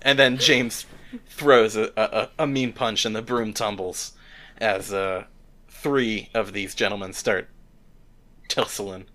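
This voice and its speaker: A man running a tabletop role-playing game as game master, relaxed and laughing, with the odd swear word. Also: lowish voice, slow pace.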